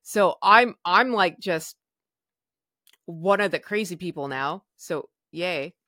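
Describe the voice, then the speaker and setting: A young woman telling a personal story in a casual, animated way, acting out her own past words and swearing now and then. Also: fairly low pitch, slow pace, dry recording, studio quality. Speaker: podcast guest sharing her story.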